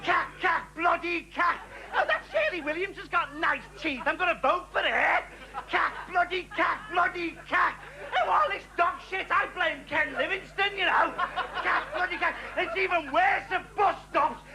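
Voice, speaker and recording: A man voicing a grumbling loudmouth who rants and shouts a swearing refrain, higher than his own voice. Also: expressive, moderate pace, few pauses, heavily acted, poor audio. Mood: ranting.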